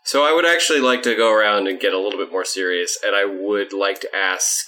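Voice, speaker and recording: A man's voice: on the low side, fairly quick, sharp tone. A man co-hosting a casual podcast, joking about himself, then explaining topics earnestly. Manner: joking, self-mocking, turns earnest when explaining. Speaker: podcast co-host.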